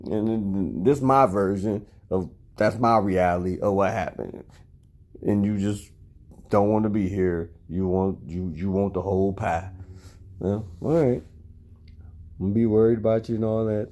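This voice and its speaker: A man's voice: lowish voice, moderate pace, warm tone. A middle-aged father at home, telling a long, rambling story to his son and swearing as he goes. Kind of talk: recorded monologue addressed to someone. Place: at home indoors.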